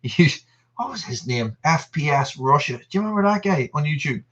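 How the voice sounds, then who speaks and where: A man's voice: fairly high pitch, lively intonation, fairly quick, fairly bright tone. A man, hosting a casual live stream and chatting in a rambling way while reading out viewer messages. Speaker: channel host. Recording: dull lo-fi stream audio.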